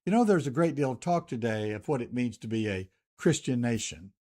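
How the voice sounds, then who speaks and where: An older man with a Southern US accent speaks as a radio host, setting out items one by one in a measured cadence. His voice sits at an ordinary male pitch. He delivers reflective commentary and prayer. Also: animated, dark tone.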